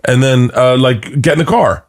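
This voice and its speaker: A man in his fifties telling rambling anecdotes on a podcast in an animated way. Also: mid-range voice, normal speed, dry recording, clean studio sound. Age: 50s. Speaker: podcast guest comedian. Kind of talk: casual podcast storytelling.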